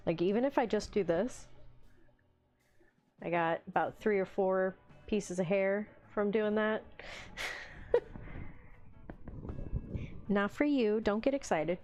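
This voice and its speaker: Casting note: relaxed woman, mid-pitched, casual hobby livestream chat, faint music under her. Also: slow, pauses often. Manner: chatty, talks to her pets in a baby voice and answers chat. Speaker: livestream host. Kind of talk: casual chat while painting miniatures.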